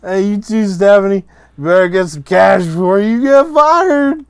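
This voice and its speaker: A man's voice: high voice, sing-song, a little fast, pitched above the performer's own voice. Man putting on a sloshed, sneering son. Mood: mocking. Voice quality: loud, whiny, sneering. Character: drunk rude adult son, mocking.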